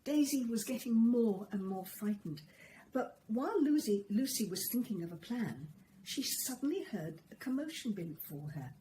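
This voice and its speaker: A woman telling a children's story, gentle and expressive. Her voice sits fairly high. A faint hiss of ambient noise runs under the recording. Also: normal speed, poor audio. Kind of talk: storybook reading.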